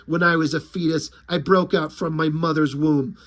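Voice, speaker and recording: A man's voice: fairly high pitch, fairly even intonation, normal speed, fairly bright tone, voice pushed down, natural voice. A man voicing a grim, self-serious male vigilante who speaks in overblown tough-guy boasts. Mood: brooding.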